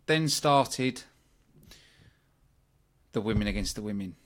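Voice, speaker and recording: His voice is on the low side with lively intonation, and he takes his time speaking. This British-accented wrestling review podcast host is chatty and opinionated, giving blunt views with frequent ums and asides.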